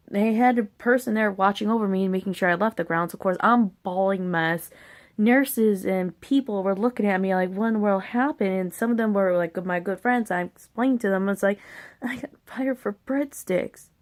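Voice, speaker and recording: A woman's voice: medium pitch, moderate pace. A woman vlogger casually telling a personal story, rambling and candid, with some casual swearing.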